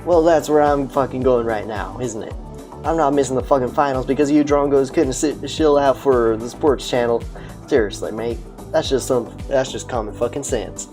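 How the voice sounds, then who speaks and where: A man's voice: medium pitch, moderate pace, music in the background, lightly acted. A man doing a foul-mouthed Australian cop boss. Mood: blustering. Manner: swearing, blustering. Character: gruff crude male police commissioner.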